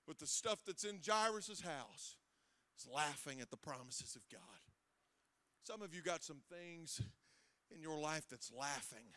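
A male assistant pastor preaching an impassioned sermon, swinging from loud shouts to hushed tones with a sing-song cadence at the peaks. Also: fairly high pitch, expressive, unhurried. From Ohio. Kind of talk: Pentecostal-style preaching sermon. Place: church sanctuary.

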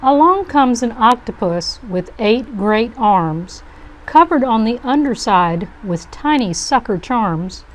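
Slow, gentle storybook reader, woman. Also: a little high, expressive. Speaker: storybook reader for a youth club. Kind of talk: children's picture-book read-aloud.

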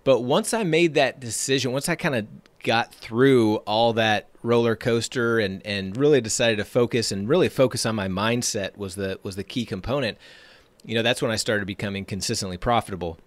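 Male trading-podcast host, upbeat motivational talker, punchy repetition, average pitch, dead-dry recording. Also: normal speed, no room sound. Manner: energetic, emphatic, repeats phrases for effect.

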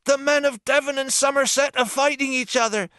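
A panicked boy shouts in a very high, urgent voice, as a man plays him. The recording is dry and close. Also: fairly even intonation, brisk, dry recording. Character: frightened boy messenger from a battle.

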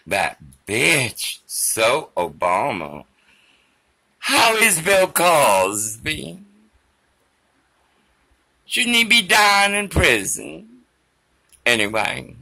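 A man's voice: on the high side, huge pitch swings, drawn-out words, vocal fry, pauses often, sharp tone, breathy edge. A man giving a theatrical, emphatic political monologue. His voice is failing, and he slips Spanish phrases and prayer into it.

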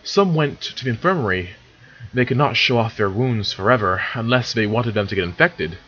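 A man with a mid-range, sharp, breathy voice casually reads fan fiction aloud at normal speed, his intonation animated and the sound lo-fi. In this relaxed read-along narration he stumbles over words, corrects himself, and drops in chatty asides.

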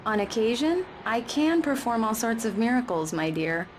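A man in falsetto as a coy flirty wife. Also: big pitch swings, moderate pace, a little hiss or hum. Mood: teasing. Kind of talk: fan dub over gameplay.

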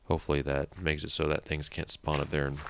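Gaming host, male, deep with a creaky edge, rambles and mutters to himself. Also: flat delivery, quick pace. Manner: chatty, thinks aloud, mutters counts under his breath. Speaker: let's play host. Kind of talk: casual gameplay commentary.

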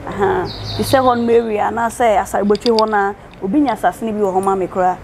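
A woman with a Ghanaian accent, a prophetess answering interview questions in a relaxed conversational way, mixing in English words. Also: mid-range voice, quick pace, creaky, noisy background. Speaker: prophetess guest.

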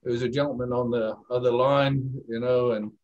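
A man's voice: mid-range voice, steady tone, fairly quick, darkish tone, lo-fi sound. A middle-aged man with an Irish accent, telling anecdotes as a guest in a casual interview, chatty and self-deprecating. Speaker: guest, speaker agency owner.

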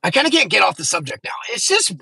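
A man in his thirties telling a long story in a casual chat, animated and full of swearing. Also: sits high, fast, creaky. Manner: animated, profane, rambling.

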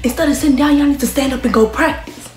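A woman's voice: high voice, fast, echoey room, noisy background, close to an everyday voice. A young woman mimicking a bossy dance teacher. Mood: scolding. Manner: bossy, scolding. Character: strict scolding female dance teacher.

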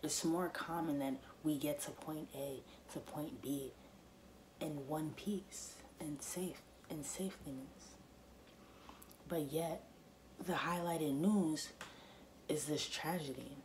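A woman's voice: low-pitched, slow, background noise. A woman vlogger in a casual to-camera monologue, speaking emphatically and repeating her points straight to her viewers.

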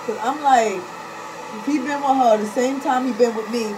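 A woman venting bluntly and profanely to her viewers in casual talk, swinging between muttering and loud outbursts. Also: a little high, moderate pace, background noise. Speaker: vlogger.

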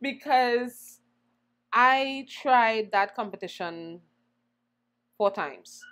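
Animated woman telling her story. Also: on the high side, very slow, clear, resonant tone. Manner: animated, acts out quoted voices. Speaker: interview guest, singer. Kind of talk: conversational storytelling.

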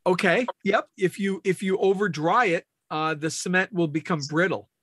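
A man's voice: sits high, fairly even intonation, moderate pace, fairly bright tone, husky, no room sound, studio quality. A man leading a team training meeting, explaining step by step and asking questions of the room.

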